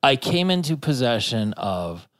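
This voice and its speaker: A man's voice: medium pitch, sing-song, measured pace, dry recording. Man, podcast co-host, swearing storyteller, rambling, dry close mic. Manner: profane, rambling anecdotes with restarts. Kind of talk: casual storytelling chat.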